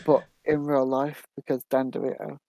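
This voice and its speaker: Dry, mellow wisecracking co-host. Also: medium pitch, flat delivery, moderate pace, dry recording. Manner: wisecracking, swears. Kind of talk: casual podcast chat.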